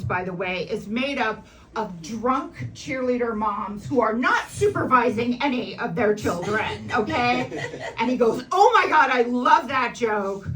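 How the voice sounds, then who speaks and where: A woman performing a stand-up comedy set on a club stage, brash and animated, often laughing at her own jokes. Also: on the high side. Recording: distant mic with noisy room.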